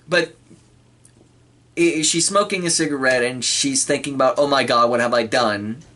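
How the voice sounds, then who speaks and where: A man giving a casual spoken film review, clearing his throat often and acting out quoted lines. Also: medium pitch, bright, forceful tone. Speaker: movie reviewer.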